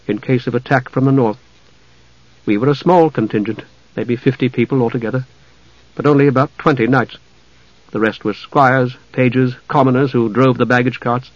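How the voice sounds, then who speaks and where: A man reading an audiobook, voicing a grieving, defensive young male knight who speaks softly and with a tremble. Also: mid-range voice, no echo, muffled recording, lightly acted.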